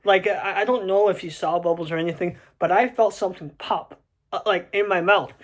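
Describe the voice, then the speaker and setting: A man's voice: high-pitched, fairly even intonation, brisk. A young adult man casually telling a personal story to camera, rambling with many restarts and fillers.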